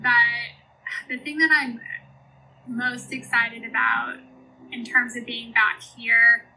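Podcast guest: young American woman, faint Australian tinge, earnest and filler-heavy, bright tone, slightly high. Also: flat delivery, takes it slowly, slight background noise, low-quality recording. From United States. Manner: earnest, many fillers like "you know" and "um". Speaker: business consultant guest. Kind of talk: podcast interview.

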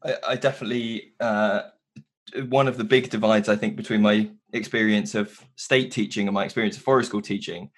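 A man with a lowish voice talks casually as a host, sharing stories from his teaching. He sometimes pauses to search for the right word. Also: fairly even intonation. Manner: searching for words, with anecdotes. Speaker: podcast host, forest school teacher. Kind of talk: casual conversational chat.

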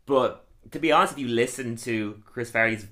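A man's voice: medium pitch, moderate pace, bright, forceful tone. A man hosting a podcast in casual, rambling chat, often stammering over restarts. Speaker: podcast host.

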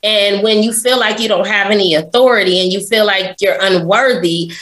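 A woman guest opens up about her past in a frank, confessional interview. She speaks at a middling pitch and keeps checking in with a quick "right?" as she goes. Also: a bit bright, poor audio. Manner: earnest, confessional, often adds "right?" and "you know". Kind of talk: personal storytelling in an interview.

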